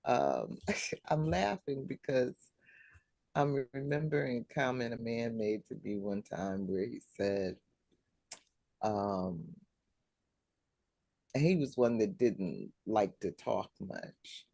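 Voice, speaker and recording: A woman's voice: a bass voice, animated, takes it slowly, creaky, long pauses, mellow, no echo. A woman hosting a casual book club chat over a video call, thoughtful and laughing often. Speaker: host.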